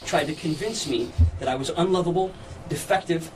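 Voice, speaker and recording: A man giving a measured, earnest account of painful memories, played as an archive clip. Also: fairly high pitch. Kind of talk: solemn recounting testimony. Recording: distant clip with steady noise.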